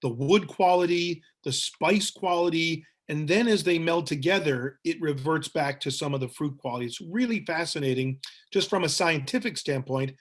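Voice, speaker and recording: Man talking slowly through a tasting. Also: fairly high pitch. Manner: thoughtful, descriptive, pausing to find words. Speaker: cognac educator leading a tasting webinar. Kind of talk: guided tasting talk. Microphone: webinar mic.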